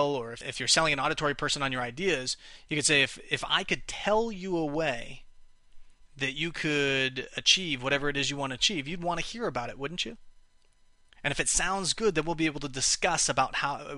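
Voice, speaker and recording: A man gives a spoken lesson on communication styles, showing how to talk to different kinds of buyers by explaining and acting out example phrases, with some restarts. His voice is on the high side and sharp, with no room sound.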